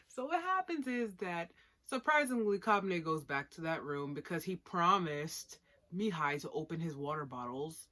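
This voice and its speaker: A woman's voice: sits low, lively intonation, normal speed, a bit bright. Slangy sarcastic young woman reviewer. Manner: slangy, sarcastic, giggly asides. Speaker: anime reviewer. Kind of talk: casual video review. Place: home room with plushies.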